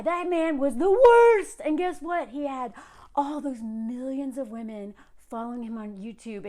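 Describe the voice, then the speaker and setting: A woman in her thirties rants in a casual commentary vlog, her high voice full of sarcasm. She rambles, restarts, and leans on fillers as she talks. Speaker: commentary creator.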